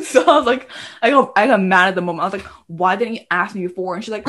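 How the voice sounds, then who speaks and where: A woman's voice: medium pitch, fast, fairly bright tone. A young woman co-hosting a podcast, telling stories about her family in casual chat. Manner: chatty storyteller, quoting family. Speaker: podcast co-host.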